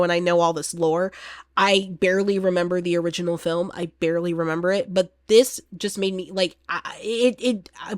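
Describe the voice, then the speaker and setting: A woman giving a casual, animated vlog review as a horror film reviewer, chatty and laughing often. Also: lowish voice, no echo, studio quality.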